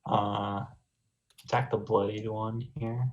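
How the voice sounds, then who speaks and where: A man playing a tabletop game, laid-back and quick to laugh, on a lo-fi mic with keyboard clicks behind him. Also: fairly low pitch, level tone. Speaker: player.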